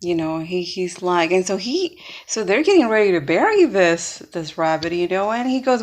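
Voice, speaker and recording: A woman's voice: fairly low pitch, very animated, moderate pace, a little mellow. A woman telling a fable in casual, rambling talk with many fillers. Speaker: storyteller. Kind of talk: casual spoken storytelling.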